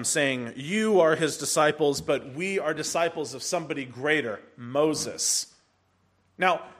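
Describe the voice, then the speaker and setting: Animated male preacher, high voice. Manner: animated, acts out voices of the text. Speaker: pastor. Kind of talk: expository sermon.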